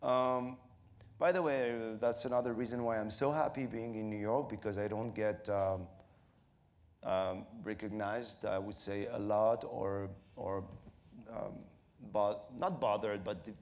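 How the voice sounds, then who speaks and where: A middle-aged man from Morocco with a French accent, a comedian being interviewed on stage, who laughs often, acts out voices and talks in halting bursts with many fillers. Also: fairly low pitch, steady tone, darkish tone. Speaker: comedian guest.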